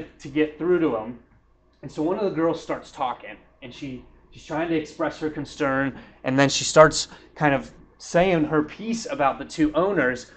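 A man giving a sermon at church in a loose, conversational way, full of fillers and restarts. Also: mid-range voice. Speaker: pastor. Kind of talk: casual sermon. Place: church hall.

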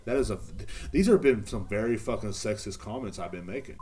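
A man's voice: on the low side, animated, brisk, mellow, slight background noise. A man, hosting a podcast in a casual, profane, rambling monologue. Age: 30s. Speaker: podcast host.

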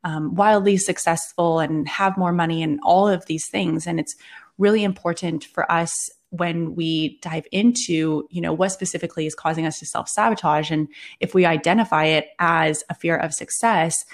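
A woman's voice: fairly low pitch, steady tone, moderate pace. A woman coach explaining ideas earnestly as a guest on a podcast interview.

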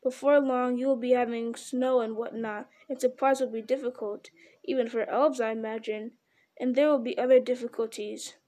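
Casting: woman doing a small, prim male hobbit from a storybook, businesslike and polite, mellow tone. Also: fairly high pitch, fairly even intonation, moderate pace, lightly acted.

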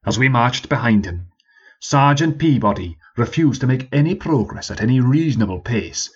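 A man reading a story as narrator, in an expressive storytelling manner. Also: mid-range voice, breathy edge, dull audio. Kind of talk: scripted narration.

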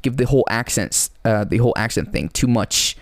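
A man's voice: mid-range voice, a little fast, dry recording, studio quality. A young man co-hosting a podcast in casual chat, rambling with many fillers and restarts. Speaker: podcast co-host and musician.

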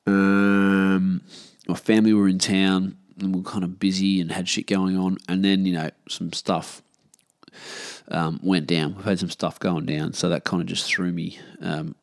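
A man's voice: low voice, level tone, measured pace, vocal fry. An Australian man in his thirties, rambling and swearing freely as he hosts a casual solo podcast from his living room. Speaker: podcast host.

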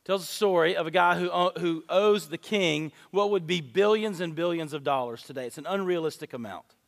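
A man preaching a sermon, telling stories and acting out the dialogue with lively emphasis. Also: on the high side, brisk, creaky. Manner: animated storytelling with acted-out dialogue. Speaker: pastor. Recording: long reverb of a large hall.

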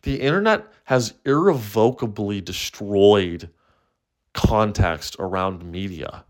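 A man's voice: lowish voice, slow pace. A young man hosting a solo comedy podcast, who swears often and rambles with frequent false starts. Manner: profane, rambling, full of restarts.

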